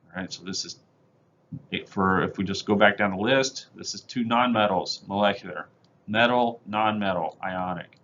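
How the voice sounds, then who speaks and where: Low-voiced man giving a lo-fi lecture. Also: normal speed, fairly bright tone, slight background noise. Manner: plain, methodical explaining with fillers. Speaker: chemistry teacher. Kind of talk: recorded lecture over slides.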